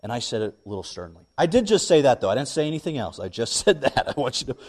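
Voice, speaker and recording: A young man, a pastor, preaching a sermon and telling a lively personal story. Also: medium pitch, fast talker, few pauses. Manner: animated storytelling, rising when excited.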